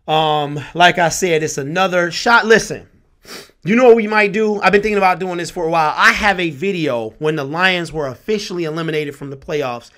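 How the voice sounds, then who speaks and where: Exasperated high-voiced man ranting. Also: fairly quick, fairly bright tone. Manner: passionate, exasperated, repetitive. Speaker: sports vlogger. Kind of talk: ranting sports commentary.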